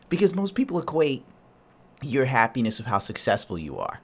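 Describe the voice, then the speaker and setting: A man's voice: mid-range voice, huge pitch swings, brisk, husky. A man hosting a solo podcast, talking in a crude, jokey, rambling way. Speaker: podcast host.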